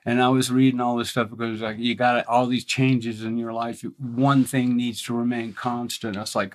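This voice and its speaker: A man's voice: mid-range voice, flat delivery, moderate pace, few pauses. An older man from Mississippi with a faint Southern accent, a ski photographer telling stories in a casual interview, rambling and restarting often.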